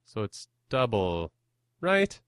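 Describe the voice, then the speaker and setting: A young man hosting a podcast chat, rambling and self-deprecating with easy laughs. His voice is on the low side and sounds dry and close to the mic. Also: big pitch swings, slow pace, fairly bright tone, clean tone, no room sound. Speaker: podcast host. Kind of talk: casual chat.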